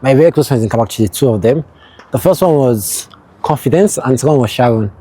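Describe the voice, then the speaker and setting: A man's voice: mid-range voice, animated, warm tone, husky. A young man recounting camp memories, often repeating words as he gathers his thoughts. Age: young adult. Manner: halting, repeats words as he thinks. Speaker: platoon executive, interviewee. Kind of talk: casual storytelling.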